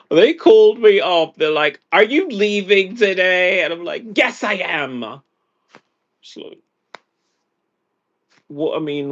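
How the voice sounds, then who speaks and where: A man's voice: on the high side, gravelly, dull audio. An exhausted American man venting angrily in a profane monologue. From United States. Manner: angry, profane rant. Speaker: vlogger.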